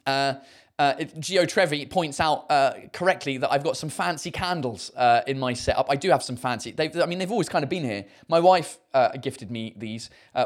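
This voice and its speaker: A man with a southern English accent, a stand-up comedian chatting casually and answering viewers' comments in a self-mocking way. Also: mid-range voice. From England. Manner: chatty and self-mocking, many fillers and restarts.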